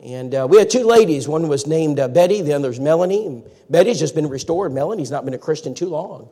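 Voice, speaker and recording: Folksy preacher in a reverberant hall. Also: male voice, a little high, expressive, fast talker, dark tone. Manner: folksy storytelling, acts out quotes. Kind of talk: storytelling sermon.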